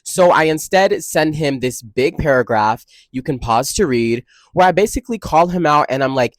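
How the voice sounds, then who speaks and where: A young man in college telling a dramatic storytime vlog, expressive and full of slang and swearing. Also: a little high, moderate pace, few pauses, dry recording. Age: young adult. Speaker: college student vlogger.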